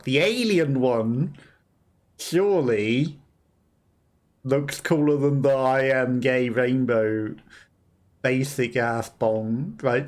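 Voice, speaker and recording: A man hosting a let's play, commenting on the game in a sarcastic, joking way. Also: mid-range voice. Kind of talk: gameplay commentary.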